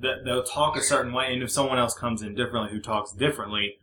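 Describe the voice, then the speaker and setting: Young man, podcast host, sardonic, profane, bright tone, roomy echo. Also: medium pitch, quick pace, a little hiss or hum. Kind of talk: casual chat.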